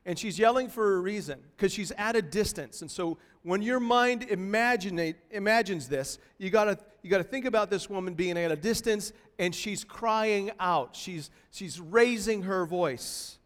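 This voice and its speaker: A man preaching a sermon to a church congregation, expressive and building intensity as he acts out a pleading cry. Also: high-pitched, moderate pace, few pauses. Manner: expressive preaching, voices a pleading woman in rising tones. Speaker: pastor. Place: church hall. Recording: long hall reverb.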